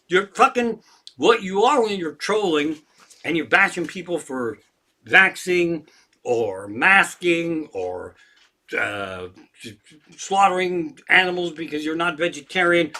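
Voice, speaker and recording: A man in his sixties rants on a livestream with a slightly high voice and a sharp, tense edge. He swears constantly and gets more and more worked up as he talks. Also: lively intonation, slow pace. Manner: profane, ranting, worked up. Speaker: comedian hosting a livestream. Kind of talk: profane ranting livestream chat.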